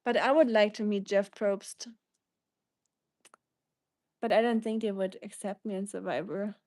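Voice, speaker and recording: Running a relaxed livestream, this German-accented woman from Germany works through viewer comments, reading them aloud and replying in a chatty, meandering style. She has a mid-range voice, a steady tone, and a measured pace, sounding a little mellow with no echo.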